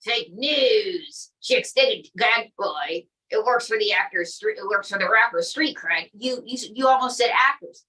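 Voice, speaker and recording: A brash, bragging male ex-president, talking in a lowered, gruff, smug voice, as a woman puts him on. His tone has a bright, sharp edge. The voice sounds a bit distant from the mic. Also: animated, measured pace, hardly any pauses. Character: boastful blustering male ex-president impression.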